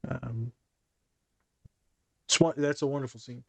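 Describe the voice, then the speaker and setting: A creaky, mid-range male voice at a measured pace, recorded dry, hosts a casual podcast chat. The man, a therapist, tells animated stories from his office and acts out the dialogue he quotes.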